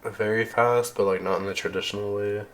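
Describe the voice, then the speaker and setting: A man narrating as game master in a casual, halting way with frequent restarts. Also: lowish voice, fairly even intonation.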